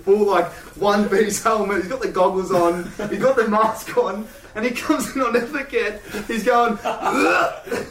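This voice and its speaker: A man telling a story in a casual chat, animated, laughing often and swearing freely. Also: sits high. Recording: roomy echo, distant mic.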